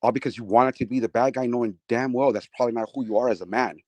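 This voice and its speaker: A man's voice: mid-range voice, fast, darkish tone, dry recording. Blunt man lecturing on a call. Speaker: caller. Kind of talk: heated online argument.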